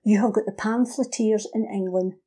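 A woman, explaining history in a casual podcast chat as a lively storyteller who acts out the voices she quotes. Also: mid-range voice, normal speed, breathy edge.

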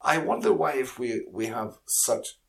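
Guy hosting, chatty, laughs easy, thinks out loud. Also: mid-range voice, sing-song, measured pace, gravelly. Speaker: host. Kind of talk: casual chat.

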